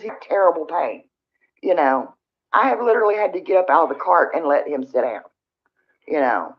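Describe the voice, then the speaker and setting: A woman's voice: a little high, vocal fry. A middle-aged woman, hosting a casual livestream and venting in a rambling way with frequent sighs. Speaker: livestream host. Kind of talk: casual livestream chat with viewers. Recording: dull lo-fi stream audio.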